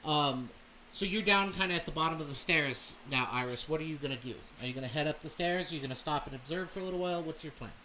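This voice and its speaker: A man's voice: fairly high pitch, quick pace, pushed and bright, dull audio, a little hiss or hum. A man narrating a tabletop role-playing game as game master, casual with many fillers.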